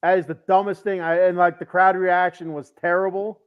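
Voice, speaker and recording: A high-pitched man hosts a loose, casual chat and rambles through viewer comments. His voice comes through muffled and lo-fi. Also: level tone, brisk, smooth. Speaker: podcast host.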